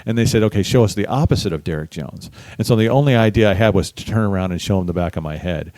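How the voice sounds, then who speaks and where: A middle-aged man, a bass musician, telling a lively story in a casual interview, acting out the people he quotes. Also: quick pace, dry recording. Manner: animated storyteller, acts out quoted voices. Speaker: guest musician.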